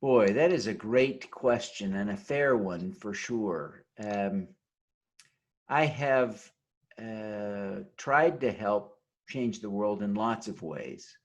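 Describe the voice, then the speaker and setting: A man's voice: on the low side, animated, takes it slowly. A man giving a motivational conference talk over a video call, earnest and leading the audience in an oath. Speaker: keynote speaker.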